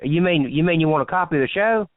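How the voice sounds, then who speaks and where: A male podcast host talks hesitantly, padding his speech with fillers and restarts. His voice is smooth and clean but arrives dry and narrow, like a phone line. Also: on the high side, fast talker, no echo. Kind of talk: casual interview hosting.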